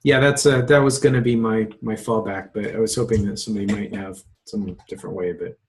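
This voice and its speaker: A man's voice: fairly low pitch, fairly even intonation, brisk. A man running an online release meeting on a video call, talking casually with many fillers and restarts.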